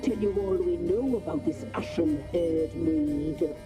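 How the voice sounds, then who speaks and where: A woman's voice: on the low side, measured pace, lightly acted. An actress playing a cruel, commanding ancient witch crone in a video game, speaking imperiously. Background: game music.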